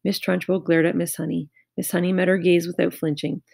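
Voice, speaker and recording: Gravelly woman reading a storybook. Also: fairly low pitch, no room sound, studio quality. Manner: measured, expressive reading. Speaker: audiobook reader. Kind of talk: storybook narration.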